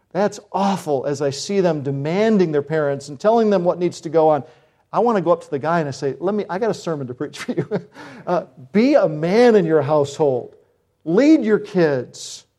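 Male pastor, middle-aged, warm dark tone, folksy emphatic sermon delivery. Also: a little high. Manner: folksy, emphatic preaching with rising exhortations.

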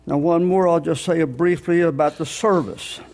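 An older man preaching a sermon, explaining scripture step by step in a plain teaching tone and slowing down on key words. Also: on the high side, steady tone, creaky, darkish tone.

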